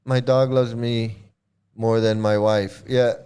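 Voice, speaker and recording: A man chatting casually and rambling, swearing freely, often laughing and mimicking others in quick asides. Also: medium pitch, flat delivery, mellow, clean tone. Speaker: streamer answering chat. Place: home in Thailand.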